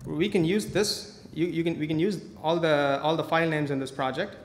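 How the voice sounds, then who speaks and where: Man, conference speaker, live coding, playful and joking, fairly high voice, echoey hall with a faint hiss. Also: fairly even intonation, fairly quick.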